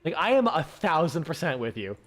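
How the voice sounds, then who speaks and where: A man's voice: on the high side, very animated, a little fast, a bit bright. A man chatting casually with his stream viewers, rambling, full of fillers and swearing freely.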